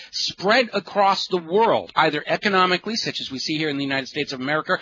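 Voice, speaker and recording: A man's voice: sits high, bright, forceful tone. A middle-aged man hosting a political talk radio show, ranting in an impassioned way. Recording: lo-fi radio broadcast with faint noise.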